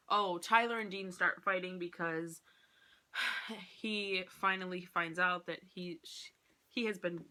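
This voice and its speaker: Woman vlogger, lowish pitch and a sharp, bright tone; chatty, animated book recap. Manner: animated retelling, acts out quotes, many "like"s. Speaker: book reviewer. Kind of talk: casual vlog book review.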